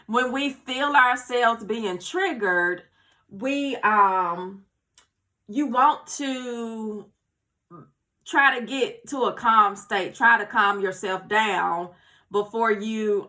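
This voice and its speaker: A woman's voice: medium pitch, bright, forceful tone. A woman talking casually to her viewers about self-love, encouraging and repetitive, checking in with "okay?" and "you guys". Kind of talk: casual motivational talk to camera.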